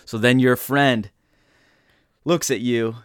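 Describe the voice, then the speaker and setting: Motivational speaker, man, smooth resonant delivery, dry close sound. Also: mid-range voice, fairly even intonation, takes it slowly, no room sound. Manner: earnest, storytelling, acts out quoted voices. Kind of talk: motivational talk.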